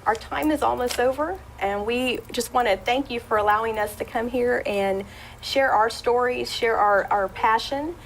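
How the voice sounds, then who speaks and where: A woman audiologist talking as a guest on a local talk show, chatty, with many fillers and restarts, and animated when retelling a story. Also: on the high side, normal speed, a little hiss or hum, rough recording.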